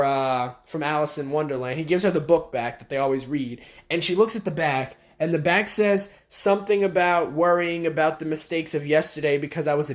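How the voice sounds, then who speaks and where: Sarcastic, ranting male commentator. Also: fairly high pitch. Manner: sarcastic, exasperated, profane. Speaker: video commentator. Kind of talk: ranting TV show recap.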